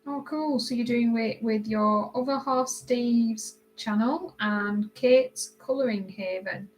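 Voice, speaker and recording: A woman's voice: on the high side, slow pace, slight background noise, poor audio. Chatty British woman streaming live. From Britain. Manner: chatty, reads and answers viewer comments; laughs often, drifts quieter while concentrating. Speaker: livestream host. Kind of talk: casual chat while coloring.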